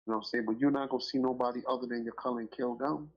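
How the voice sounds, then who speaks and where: Brief: husky middle-aged man, rambling profane storyteller, dull lo-fi podcast audio. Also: mid-range voice, steady tone, racing. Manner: profane, rambling and emphatic, with many filler phrases.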